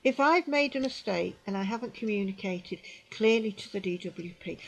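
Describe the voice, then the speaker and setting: Older British woman recounting, halting. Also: medium pitch, creaky, low-quality recording. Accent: British English. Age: 60s. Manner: halting and repetitive, with restarts while recounting. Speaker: vlogger. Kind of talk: personal account to camera.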